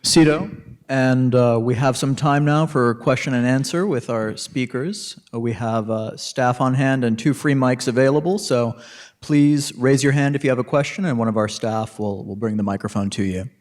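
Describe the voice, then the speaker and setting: A man's voice: mid-range voice, moderate pace, darkish tone. A man moderating the event, announcing the question-and-answer session.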